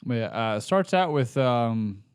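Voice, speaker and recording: A man's voice: mid-range voice, animated, measured pace, clean tone, no echo, studio quality. A man co-hosting a podcast in casual chat, rambling and laid-back, swearing now and then. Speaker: podcast co-host.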